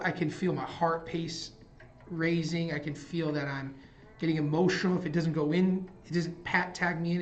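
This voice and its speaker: A young man hosting a trading live stream, calmly talking himself through his decisions and feelings in casual commentary. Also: a little high. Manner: thinking aloud, talking himself through emotions. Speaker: trading livestream host. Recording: dull lo-fi stream audio with faint music.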